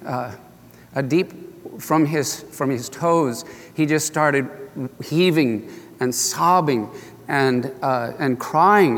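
An older man preaches, easing into a story in a warm-hearted, conversational way. His voice sits a little high for a man, and a long reverb trails behind each phrase. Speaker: pastor. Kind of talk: sermon with storytelling.

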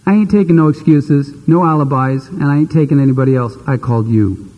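A man voicing God as a blunt, gruff speaker who takes no excuses, in a lowered voice. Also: fast, dull audio, natural voice. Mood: stern. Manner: gruff, lowered, plain-spoken. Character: blunt, no-nonsense God, male. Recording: long hall reverb.

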